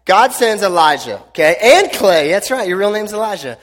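A man's voice: high voice, very animated, normal speed, a bit bright. A man preaching a casual, joking youth sermon, chatty and full of slang, talking to teens in a church hall. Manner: joking, chatty, uses lots of slang fillers. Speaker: youth pastor. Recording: long hall reverb.

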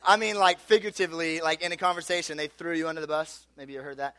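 Animated male storyteller with a high voice, loose and filler-heavy, acting out the people he quotes in a sermon. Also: fast talker, dry recording, studio quality.

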